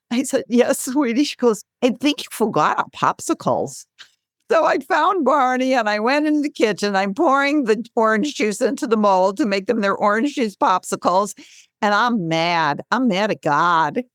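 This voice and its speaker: A woman in her sixties tells a personal story as an interview guest. She is animated, jumping up in pitch when she plays out quotes and laughing between lines. Her voice sits at a middle pitch and sounds dry and close. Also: dry recording. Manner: animated, acts out quotes with bright pitch jumps, laughs often. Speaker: guest, author and speaker. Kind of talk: conversational storytelling.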